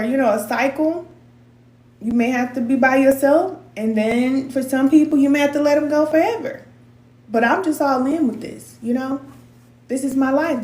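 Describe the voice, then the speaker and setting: A middle-aged woman with a fairly high voice talks straight to her viewers, candid and emotional, slipping into slang as she gives spiritual advice. Her voice rings in a roomy, echoey space. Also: darkish tone. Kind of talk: casual heartfelt talk to viewers.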